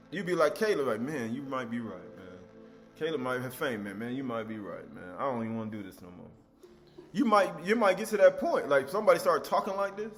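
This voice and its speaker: A man teaching scripture in an emphatic, conversational way, acting out the voices of people he quotes. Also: fairly high pitch. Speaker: preacher.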